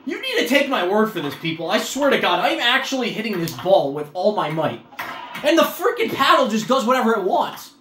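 A woman playing a video game and commenting as she goes, frustrated, swearing a lot and yelling at the game. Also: mid-range voice, very animated, brisk, a little hiss or hum. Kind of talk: let's-play commentary. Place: room at home while playing a motion-control console. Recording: echoey room with faint game music.

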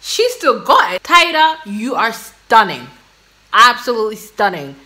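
A woman hosting a reaction video, gushing and excitable in casual commentary. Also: a little high, a little slow. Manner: gushing, excitable, exclaiming and laughing.

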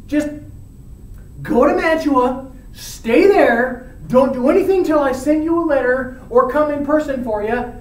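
A woman's voice: high-pitched, a little slow. A woman voicing an exasperated older male friar who lectures and scolds with urgency. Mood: urgent instructing. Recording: roomy, from far off.

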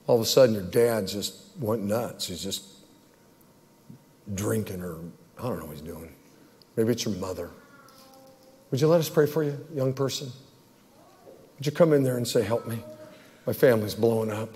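A man's voice: lowish voice, expressive, moderate pace, pauses often, darkish tone. A man preaching an earnest altar call and prayer as a pastor, pleading with the congregation. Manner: earnest, pleading, acts out worried voices. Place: church sanctuary. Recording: long hall reverb.

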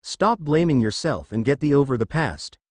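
A man voicing an ancient male god speaking softly and apologetically to his lost son, in a fan fiction story reading. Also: mid-range voice, lively intonation, normal speed, no room sound, clean studio sound, lightly acted. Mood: tender, remorseful. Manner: soft, tender and apologetic. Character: grieving ancient male god, gentle loving father.

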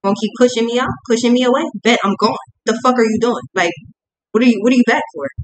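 A young woman doing a casual tarot reading, profane and full of slang, acting out both sides in quick asides. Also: on the high side, low-quality recording. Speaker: tarot reader.

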